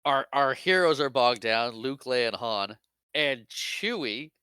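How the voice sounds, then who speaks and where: A man with a bright, forward voice trades playful movie talk on a podcast. He laughs often and slips into silly character voices as he retells scenes. The recording is dry and close-miked. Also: mid-range voice, measured pace, clear, resonant tone, no room sound. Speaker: podcast co-host. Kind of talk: casual movie recap chat.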